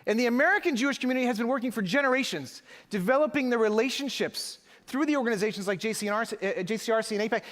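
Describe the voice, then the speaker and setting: Speaking very fast with barely a pause, this middle-aged conference speaker has a very high, fairly bright voice. He's giving an emphatic, rhetorical keynote live in a big hall, playing to the audience, and the sound echoes around the room.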